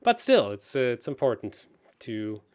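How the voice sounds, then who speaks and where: A man in casual chat, working through chess puzzles out loud. He is chatty, laughs easily and has a mid-pitched voice. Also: very animated, measured pace. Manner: chatty, laughs often, thinks aloud. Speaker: co-host.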